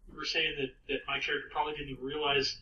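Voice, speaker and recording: A man's voice: a little high, level tone, racing. A man playing in a tabletop game, chatting casually and joking at the table. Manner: joking banter. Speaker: player. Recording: distant, dull, noisy, echoey mic.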